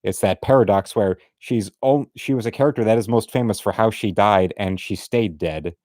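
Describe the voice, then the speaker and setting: A man's voice: lowish voice, normal speed, darkish tone, no echo, clean studio sound. A man giving rambling, casual commentary while drawing, with many restarts and muttered asides. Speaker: artist streaming a drawing session.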